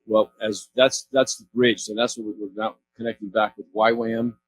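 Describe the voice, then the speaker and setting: A Californian man in his sixties gives a storytelling talk about community work from an event stage. His fairly low voice is flat and moderately paced as he rambles, corrects himself, and chuckles. The recording is rough, with slight background noise.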